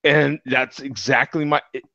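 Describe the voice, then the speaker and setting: A middle-aged man telling a story in casual chat. He is animated, laughs a lot and keeps asking "you know what I'm saying" over a video call. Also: medium pitch, unhurried, no room sound. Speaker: regular panelist. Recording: dull lo-fi video call audio.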